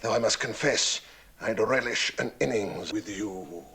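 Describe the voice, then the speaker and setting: A lecherous wealthy lord in a period comedy film. His gravelly voice is bright and edged. He drops into oily, suggestive tones. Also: on the low side, unhurried, heavily acted. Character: lecherous wealthy male lord, smooth-talking.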